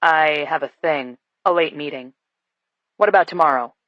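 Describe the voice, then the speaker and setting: A woman voicing a deep-voiced young man who is relaxed and teasing, in a lowered, easygoing delivery for an audiobook. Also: moderate pace, dry recording, lo-fi sound, natural voice.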